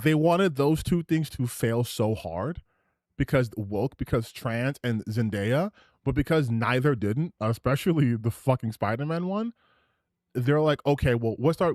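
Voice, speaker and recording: A man's voice: a little high, dry recording, clean studio sound. A man streaming a reaction video, talking casually with sarcasm and swearing as he comments.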